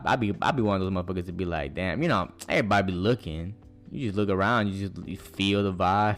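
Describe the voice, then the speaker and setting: A young man, hosting a podcast and telling rambling, profane stories in loose slang. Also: deep voice. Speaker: podcast host. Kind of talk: casual monologue storytelling.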